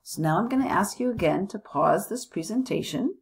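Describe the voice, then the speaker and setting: A woman from the United States teaching a language lesson, slowly modeling phrases and repeating them for students. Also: medium pitch, expressive, vocal fry, breathy edge.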